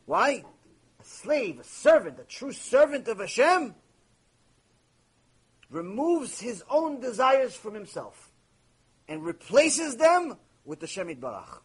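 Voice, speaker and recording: A man's voice: extremely high pitch, big pitch swings, slow pace, pauses often, slightly rough, rough recording. A man giving an impassioned Torah lecture on Mussar, rebuking his listeners and mixing Hebrew terms into his English. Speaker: rabbi teaching Mussar.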